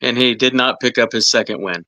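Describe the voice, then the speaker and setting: A man's voice: mid-range voice, a little fast, pushed and bright, no room sound, poor audio. A man hosting a podcast, asking easygoing questions and laughing often. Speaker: podcast host. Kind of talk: casual interview.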